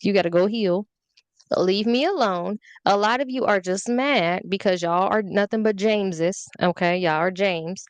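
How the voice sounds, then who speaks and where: Animated and candid, a young influencer guesting on a casual podcast swaps petty, sassy stories about dating and trolls, swearing as she goes. She speaks at a moderate pace in a clear, resonant, mid-range voice, with no room sound in the recording.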